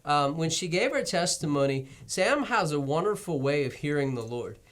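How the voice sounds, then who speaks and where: A man's voice: a little high, sing-song, moderate pace, a bit bright. A man, a pastor, hosting a casual church talk show and encouraging his guest and viewers with light self-deprecating laughs. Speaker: pastor and host.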